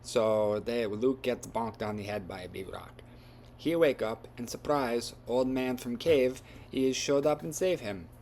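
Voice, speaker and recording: A man's voice: mid-range voice, unhurried, a little mellow, slight background noise. A man retelling a story from memory in a casual, rambling way with loose grammar and lots of fillers.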